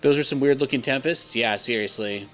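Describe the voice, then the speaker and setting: A man in his thirties talks through a live game stream in a bright, forceful voice. He rambles casually and peppers his talk with "like". Faint music plays underneath. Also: mid-range voice, a little fast. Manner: chatty, rambling, heavy use of "like".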